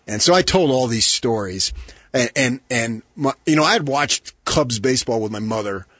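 A man hosting a sports radio show, telling animated stories and doing loud, high impressions of his mother. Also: normal speed, slightly rough, dry recording. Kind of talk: casual storytelling on radio show.

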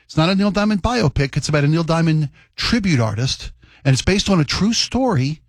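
A man co-hosting a talk radio show in casual chat, an animated, emotional storyteller who likes to joke. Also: fairly high pitch, fairly quick, no room sound, studio quality. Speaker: radio co-host.

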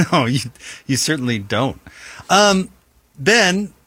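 A man's voice: on the high side, sing-song, slow, pushed and bright, breathy edge, no echo. A man co-hosting a sports radio show, bantering casually on air in a wry, rambling way full of fillers and restarts. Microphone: studio microphone.

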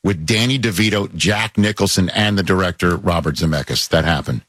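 Male host, low voice, brief prompting questions, dry close sound. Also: fairly quick, fairly bright tone, no echo. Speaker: interviewer, podcast host. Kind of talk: interview.

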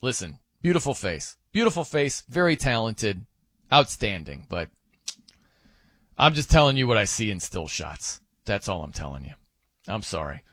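Animated, joking male radio host. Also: on the low side, normal speed, dry recording. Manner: joking, rambling with fillers and restarts. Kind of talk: casual sports radio banter.

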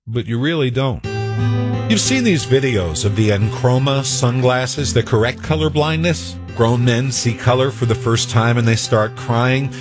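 A man's voice: medium pitch, moderate pace, music in the background. A man delivering a wry, conversational radio commentary segment.

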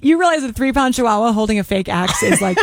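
A woman hosting a radio show in a studio, talking in excitable, giggly bursts with her co-host. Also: a little high, fast talker, slight background noise. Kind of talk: morning radio banter. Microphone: studio microphone.

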